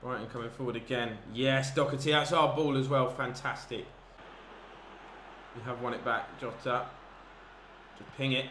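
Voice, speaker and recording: A man commentating on his own football video game match, chatty and easily excited, breaking into shouts at big moments. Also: mid-range voice, normal speed, long pauses. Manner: excitable, bursts into shouts at chances. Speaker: gaming commentator. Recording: echoey room with background noise.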